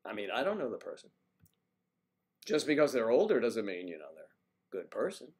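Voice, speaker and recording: Fairly low-pitched yet very animated, this older East Coast livestream host talks fairly quickly in a rambling, chatty way. He reads through viewer comments and greets the commenters by name.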